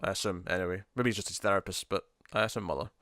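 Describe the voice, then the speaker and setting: A man's voice: deep voice, racing, a bit bright, dry recording, clean studio sound. A man co-hosting a podcast, chatting casually and rambling about movie trailers with lots of restarts. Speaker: podcast co-host.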